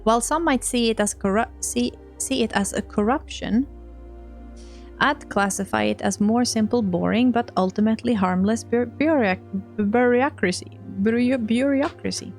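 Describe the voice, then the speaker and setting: A woman's voice: a little high, normal speed, vocal fry, faint music behind. A Swedish woman streaming a story game, reading it aloud, laughing often and tripping over words. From Sweden. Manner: giggly, trips over words and restarts. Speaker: gaming streamer.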